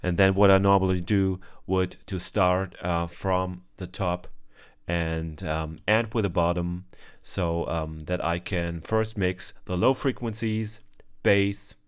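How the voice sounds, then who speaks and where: A man with a very low, smooth and clear voice walks through a mixing session at an even, unhurried pace. He explains each step plainly and fills his pauses with ums, the way a tutorial is talked through over a screen recording. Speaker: music producer teaching mixing.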